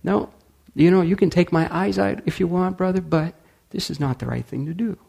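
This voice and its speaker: Man playing a calm, kind man in his seventies, gravelly and husky, gentle. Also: sits high, normal speed, voice pushed up, full character voice. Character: calm, gentle seventy-three-year-old man of principle.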